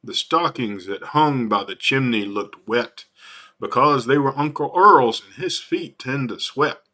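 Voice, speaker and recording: Male storyteller, folksy and playful, unhurried delivery with a bright tone. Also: mid-range voice. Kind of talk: reading a rhyming Christmas story aloud.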